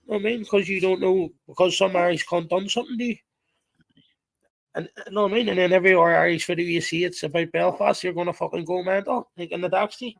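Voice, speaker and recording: A man joining a casual livestream chat as a guest, excitable and sweary. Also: high voice, quick pace, gravelly, no echo, poor audio.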